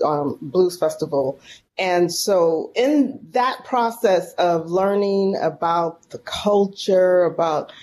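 A woman from San Francisco, a guest in an interview, telling a story in a folksy, animated and emotional way. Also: lowish voice, a little hiss or hum. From San Francisco, California. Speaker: podcast guest, professor.

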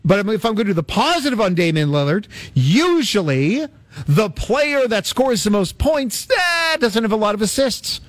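Male sports radio host, high register, dry studio sound, sarcastic and chatty. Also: very animated, moderate pace, no room sound. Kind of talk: sports talk banter.

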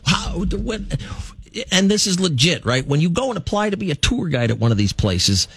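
A male radio host talks in a casual, teasing way. His pitch moves a lot, and the sound is dry and close. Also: very animated, moderate pace, gravelly, slightly rough, dry recording. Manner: joking, teasing.

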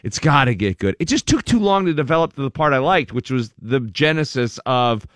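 A man in a casual chat, talking hesitantly with many pauses and ums. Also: medium pitch, animated, fairly bright tone, no echo, clean studio sound.

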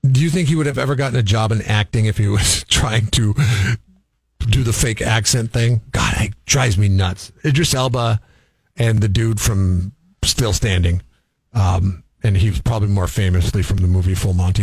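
A man co-hosting a radio morning show, chatting in an animated, opinionated way. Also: on the low side, normal speed, vocal fry, slightly rough, no echo. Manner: animated, opinionated, chuckles while talking. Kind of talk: casual radio banter.

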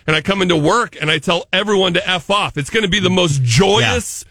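A man's voice: sits high, brisk, fairly bright tone, breathy edge, no echo, clean studio sound. A male morning radio host bantering with his co-host in a playful, teasing, mock-dramatic way. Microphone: studio microphone.

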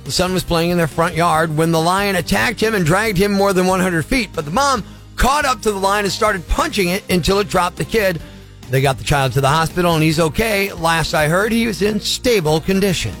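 A man's voice: sits high, brisk, fairly bright tone, faint music behind. A man hosting a morning radio show, telling a story in a brash, punchy, boastful way. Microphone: studio microphone.

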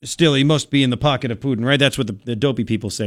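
A man's voice: medium pitch, rapid-fire. A man hosting a talk radio show, delivering a brash, sarcastic, opinionated monologue into a studio microphone.

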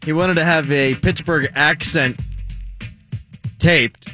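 A man hosting a sports radio show, bantering in an animated, sarcastic way. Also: a little high, slow, faint music behind.

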